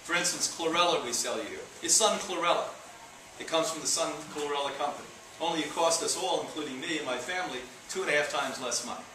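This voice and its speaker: Male health lecturer, animated and wry, caught from a distance in a reverberant room. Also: fairly high pitch, quick pace, background noise. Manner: animated, joking, mocking asides. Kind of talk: live lecture to an audience. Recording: echoey room, speaker far from mic.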